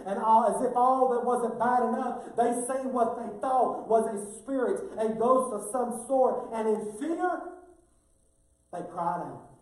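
A man's voice: extremely high pitch, a little slow. A male pastor preaching a sermon in a folksy, emphatic way that builds toward fervor. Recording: very echoey, mic far off.

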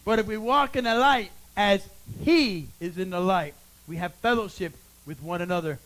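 High-voiced man preaching a sermon. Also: normal speed, rough recording. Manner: preaching with swings from loud calls to hushed tones. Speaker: pastor.

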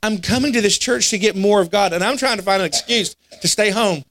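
Animated preacher with a higher voice. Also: male voice, fairly quick, a little hiss or hum. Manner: animated, acts out quoted voices, laughs at himself. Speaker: pastor. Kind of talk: storytelling sermon. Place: church sanctuary.

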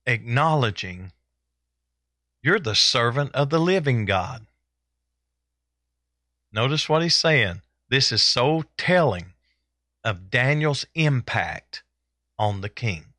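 A man preaching a sermon in a deliberate way, repeating phrases for emphasis. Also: medium pitch, pushed and bright, dry recording, studio quality.

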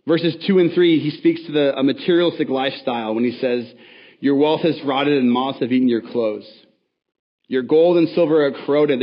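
A male pastor delivers a sermon in a loose, conversational way, breaking off into asides and restarting phrases. His voice sits at an ordinary middle pitch, and the recording sounds a little dull and muffled. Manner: conversational, self-correcting with asides.

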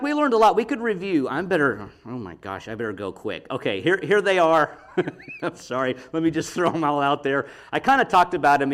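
Middle-aged man, Bible teacher, higher voice, very lively pitch, chatty and laughing. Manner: animated, chatty, laughs often, talks to the audience with frequent "okay?".

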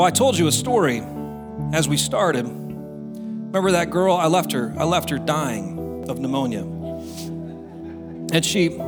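A man preaching a sermon as pastor, animated and acting out the quotes he tells. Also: high voice. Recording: roomy hall with music behind.

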